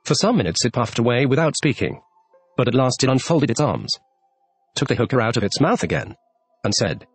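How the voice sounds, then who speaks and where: A man narrating a classic children's story with an expressive, lively reading. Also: mid-range voice, fairly quick, breathy edge, dry recording, faint music behind. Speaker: audiobook narrator.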